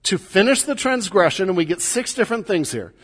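A man's voice: high voice, very animated, a little fast, fairly bright tone. A middle-aged man, a pastor, preaching a sermon in a conversational, teaching way with light humor, recorded in a church sanctuary. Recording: long hall reverb.

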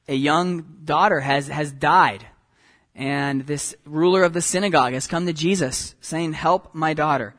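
A man's voice: on the high side, fairly bright tone. A man preaching a sermon as pastor, reading scripture aloud with shifting pace and emphasis, with informal asides and self-corrections.

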